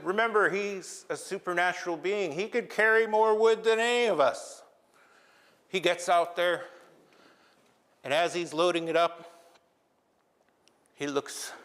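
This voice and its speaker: A man telling a traditional tale to a live audience in a lively, engaging way, with asides to the listeners. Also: sits high, in a large hall. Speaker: traditional storyteller. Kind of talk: oral storytelling to a live audience. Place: lecture hall.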